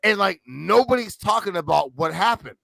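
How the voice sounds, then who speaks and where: A man telling profane stories in casual chat, animated and loud when he acts out quotes. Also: high voice, normal speed, creaky, no echo, poor audio. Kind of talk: casual crude storytelling.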